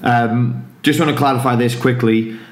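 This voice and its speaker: A man's voice: mid-range voice, steady tone, moderate pace, reverberant. A man hosting a casual football podcast, laid-back as he plugs his coaching camps.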